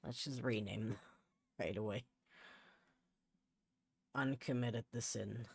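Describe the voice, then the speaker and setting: Working from his home setup, a man streams live and talks casually, often muttering and exasperatedly restarting what he says. His mid-range voice is steady in tone and slow, creaky with a breathy edge, on a dry recording.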